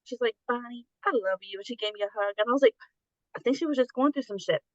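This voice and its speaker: A woman's voice: a little high, very fast, no echo, dull audio. A middle-aged woman telling stories candidly in a casual conversation, acting out the voices of the people she quotes. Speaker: guest.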